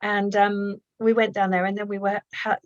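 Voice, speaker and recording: Woman guest, reflective storyteller, muffled dry video-call sound, halting and earnest. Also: mid-range voice, level tone, no room sound. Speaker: guest, healer and author. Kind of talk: personal storytelling in conversation.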